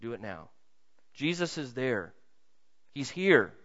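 A male pastor preaching a sermon in a pleading way, dropping to a hush and rising to loud appeals. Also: medium pitch, sing-song, slow pace. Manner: pleading, swings from hushed to loud. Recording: muffled sound with long hall reverb.

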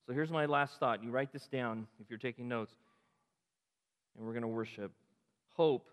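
A man preaching a sermon as pastor, impassioned, climbing to emphatic peaks and falling to quiet asides. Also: mid-range voice, fairly quick, long reverb tail. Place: church sanctuary.

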